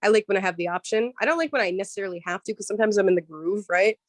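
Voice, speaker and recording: A woman voice actor, a guest in a casual interview, explaining her work in a lively way with many "um"s and "like"s. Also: medium pitch, rapid-fire, dry recording, studio quality.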